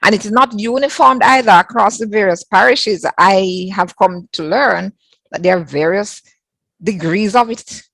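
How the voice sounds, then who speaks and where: A woman's voice: medium pitch, moderate pace, gravelly, a bit bright. A woman hosting an interview, affirming and echoing her guest's answers. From Jamaica. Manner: affirming, repeats phrases, many backchannels. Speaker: interviewer host.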